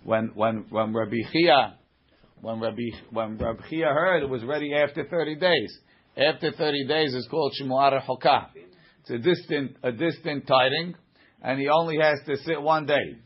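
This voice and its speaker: A Talmud teacher with a slightly husky, mid-range voice reads each line aloud at a moderate pace, then explains it in plain conversational English. The recording sounds dull and lo-fi.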